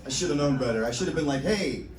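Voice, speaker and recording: A man's voice: medium pitch, very fast, a little mellow, far from the mic, a little hiss or hum. A man doing a stand-up set on a comedy club stage, wry and self-mocking. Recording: roomy club sound from afar. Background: audience laughter.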